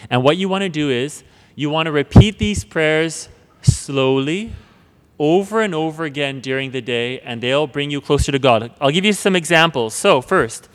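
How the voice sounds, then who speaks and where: A man giving an earnest spoken teaching on prayer, often repeating words and dropping to a hush when reciting prayers. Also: a little high, animated, normal speed. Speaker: preacher. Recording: long hall reverb.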